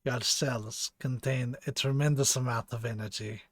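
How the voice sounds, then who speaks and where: A man voicing a cold, condescending male scientist in a weak put-on German accent, speaking slowly and deliberately. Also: mid-range voice, steady tone, no room sound, clean studio sound, lightly acted. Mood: cold, probing.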